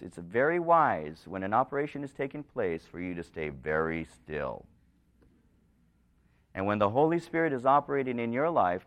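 A man preaching a sermon, telling stories in an animated way and sometimes dropping to quiet, low asides. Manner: storytelling, animated, rising in pitch for emphasis. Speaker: pastor.

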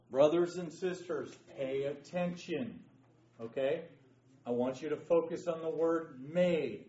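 This man, a Bible study teacher, has a slightly high, somewhat mellow voice. He leads an interactive Bible lesson with emphasis, quizzing the class and checking in with "okay?" often, all captured in an echoey room through a distant, dull mic.

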